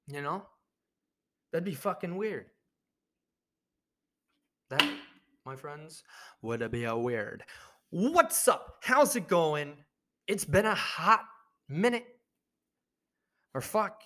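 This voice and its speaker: A young man hosting his own podcast, rambling through a jokey, profane monologue with sudden loud bursts. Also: fairly high pitch. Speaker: podcast host. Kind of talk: casual comedic monologue.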